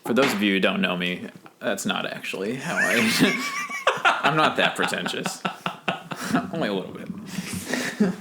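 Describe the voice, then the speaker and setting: A man's voice: fairly low pitch, wildly swooping pitch, measured pace, long pauses, very noisy. A man guesting on a podcast, chatting in an easygoing, joking way. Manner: jokey, agreeable. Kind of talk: casual chat.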